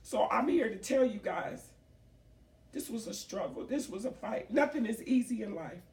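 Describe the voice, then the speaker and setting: A woman's voice: fairly high pitch, animated, moderate pace, darkish tone. An emotional middle-aged woman delivers an emphatic public speech, hammering points home by repeating them. Her voice is caught from a distance. The room around her rings with echo. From United States. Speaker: small business owner. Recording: roomy echo, speaker far from the mic.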